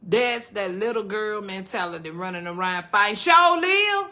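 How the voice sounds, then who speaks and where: A woman's voice: medium pitch, expressive, normal speed, pushed and bright. A woman in her fifties who hosts a casual livestream from home, telling stories animatedly, swearing freely and reading out viewer comments. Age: 50s. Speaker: livestream host.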